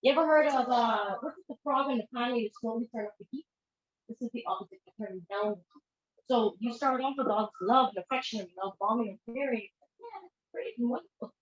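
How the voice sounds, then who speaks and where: A woman's voice: fairly high pitch, fairly quick. A woman, a therapist giving an informal conference talk in a conversational way, acting out quoted lines as she goes. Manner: conversational, acts out quoted dialogue with shifting voices. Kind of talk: informal lecture presentation. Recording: echoey room, dull lo-fi sound.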